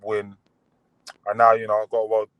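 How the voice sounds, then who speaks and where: A man chatting as a boxer guest on a podcast, relaxed and full of fillers and restarts. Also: fairly low pitch, moderate pace, clear, resonant tone, no room sound, poor audio. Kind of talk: casual podcast interview.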